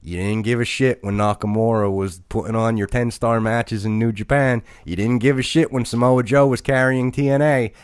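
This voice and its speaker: A man's voice: lowish voice, normal speed, no echo, studio quality. A man co-hosting a wrestling podcast, ranting mockingly and calling out a critic by name. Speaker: podcast co-host. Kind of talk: casual podcast rant.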